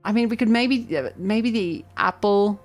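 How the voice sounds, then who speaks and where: Chatty, excitable woman streamer. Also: mid-range voice, a little slow, faint music behind. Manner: excitable, chatty, self-deprecating. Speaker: vtuber streamer. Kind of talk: live game streaming and reading game text aloud.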